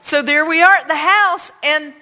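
A woman pastor telling personal stories in a conversational, excited sermon to her congregation. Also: high-pitched, normal speed. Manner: conversational, anecdotal, excited retelling. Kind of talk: storytelling sermon. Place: church sanctuary. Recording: long church-hall reverb.

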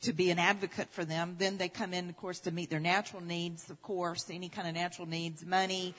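A woman's voice: lowish voice, level tone, fairly quick, a bit bright. A woman preacher telling a story in a sermon, speaking emphatically, repeating key phrases and building intensity. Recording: reverberant hall.

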